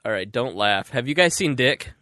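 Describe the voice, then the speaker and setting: A man co-hosting a casual podcast, explaining things at length in a steady storytelling way. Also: mid-range voice, moderate pace, no echo, clean studio sound. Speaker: podcast co-host. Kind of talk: casual chat.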